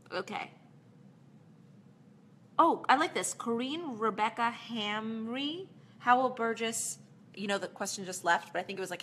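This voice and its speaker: An actress casually answering fan questions in a live Q&A, chatty and rambling, with plenty of fillers and small laughs. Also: female voice, medium pitch, fairly bright tone, slight background noise.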